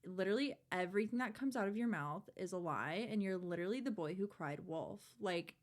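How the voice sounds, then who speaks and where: A woman's voice: medium pitch, expressive, a little fast. A woman in her twenties, a podcast guest, telling a personal story in candid, chatty talk full of "like" and swearing. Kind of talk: casual chat.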